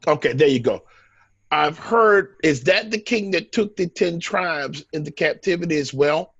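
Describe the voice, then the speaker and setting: A man on a call who asks questions in a hesitant, halting way, with a husky voice. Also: a little high, expressive, fairly bright tone, no room sound, lo-fi sound. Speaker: forum participant asking questions.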